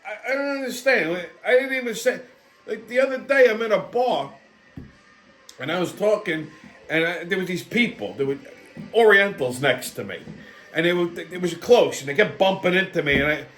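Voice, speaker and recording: A man's voice: sits high, expressive, normal speed, fairly bright tone. A male host ranting on a comedic political show, brash, swaggering and full of swearing. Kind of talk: profane comedic political rant.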